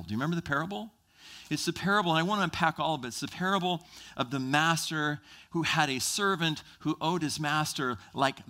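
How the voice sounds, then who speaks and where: A man's voice: a little high, sharp tone. A man preaching a sermon in a church, teaching from Scripture and acting out the voices of Bible characters. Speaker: pastor.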